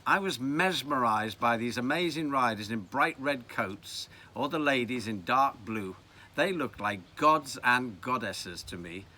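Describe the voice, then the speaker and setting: A man in his seventies with a Liverpool accent, telling reminiscences in a wry, animated way. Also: mid-range voice, a little hiss or hum. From Liverpool, England. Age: 70s. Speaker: storyteller. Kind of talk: reminiscing narration.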